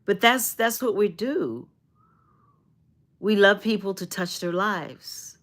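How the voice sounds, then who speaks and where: A woman's voice: mid-range voice, lively intonation, takes it slowly, fairly bright tone. A woman from Arizona chatting live with her viewers, rambling and earnest, often repeating herself and restarting, with spiritual, uplifting talk about energy and self-love. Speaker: live streamer. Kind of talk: casual livestream chat with viewers.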